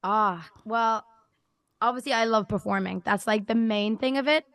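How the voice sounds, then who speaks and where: A woman's voice: a little high, normal speed, fairly bright tone, dry recording. A young woman with an Irish accent, a singer talking casually in an interview, chatty and full of "like". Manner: chatty, fills with "like" a lot. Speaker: singer-songwriter guest.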